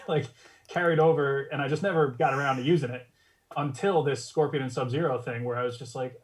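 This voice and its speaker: Relaxed man rambling as a guest. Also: medium pitch, fairly quick, poor audio. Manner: rambling, relaxed storytelling with fillers. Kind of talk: casual chat.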